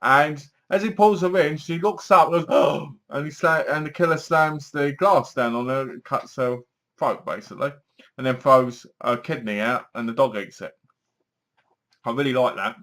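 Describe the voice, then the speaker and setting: A man casually reviewing a film, retelling the story in a rambling, animated way and acting out lines. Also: medium pitch, moderate pace.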